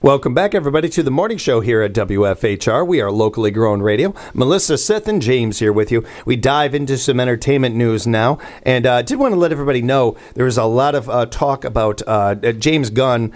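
A man's voice: mid-range voice, lively intonation, brisk, few pauses, a little mellow. Jokey male radio morning host. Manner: jokey, friendly banter. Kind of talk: radio interview and show hosting.

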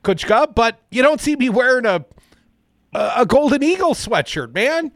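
A man's voice: extremely high pitch, sing-song, moderate pace, no room sound, studio quality. A man from Madison, Wisconsin co-hosting a casual political talk radio show, sarcastic and opinionated in a chatty way. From Madison, Wisconsin, USA.

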